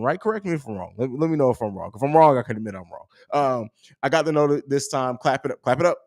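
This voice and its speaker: A man's voice: medium pitch, lively intonation, fast talker. A young man hosting a casual live stream, talking in slang and reading viewer comments aloud. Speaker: host of a fan live stream.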